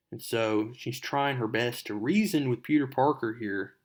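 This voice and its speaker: A man with an ordinary mid-range voice hosting a comic book recap. He retells the plot loosely, drifting in and out of the characters' lines, and talks straight to his audience in a relaxed, conversational way. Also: mid-range voice, unhurried, hardly any pauses. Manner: conversational, addresses viewers directly. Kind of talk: casual comic recap narration.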